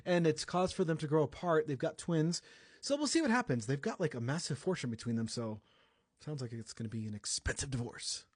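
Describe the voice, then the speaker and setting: A man's voice: fairly high pitch, animated, brisk, breathy edge, dry recording, studio quality. A young man from the United States hosting a casual celebrity news podcast, chatty and joking, correcting himself as he goes. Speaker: podcast host.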